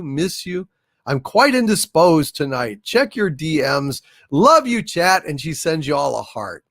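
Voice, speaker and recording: A man's voice: fairly high pitch, vocal fry, a bit bright, dry recording, clean studio sound. A man hosting a casual livestream, hailing and thanking viewers by name as he reads their messages aloud. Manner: hails and thanks viewers by name, drawn-out unhurried delivery. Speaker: livestream host.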